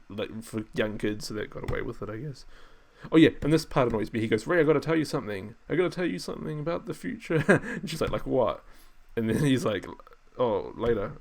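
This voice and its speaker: A man streaming, rambling through casual film commentary, laughing often and mocking what he watches. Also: medium pitch.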